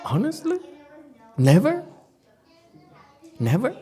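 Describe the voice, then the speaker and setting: A man giving a Chan Dharma talk as a Buddhist meditation teacher, animated and teasing, laughing often. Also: very high-pitched, slow pace.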